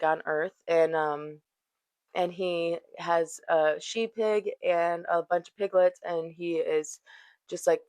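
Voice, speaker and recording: A woman's voice: lowish voice, dry recording. A woman hosting a yoga talk, chatty and loose, cursing and laughing as she tells a story. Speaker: yoga teacher and podcast host. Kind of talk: casual spiritual talk.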